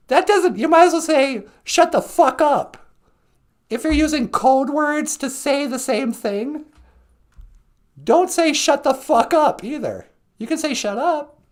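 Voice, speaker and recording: A woman hosting a show, telling comic stories as a monologue, animated and laughing often. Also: high voice. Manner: animated storytelling with frequent laughs. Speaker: host. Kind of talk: comedic monologue.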